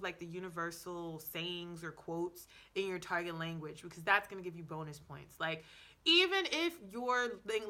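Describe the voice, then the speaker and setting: A woman vlogger talks through language tips in a loose, casual way. Her voice is bright and forward, and she keeps it conversational with plenty of "like"s, quick restarts and playful asides. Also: medium pitch. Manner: chatty, many "like"s and self-corrections. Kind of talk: casual advice vlog.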